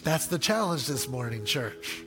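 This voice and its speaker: A male pastor preaching a sermon in an animated way, with joking asides. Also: mid-range voice, unhurried, long reverb tail, music in the background.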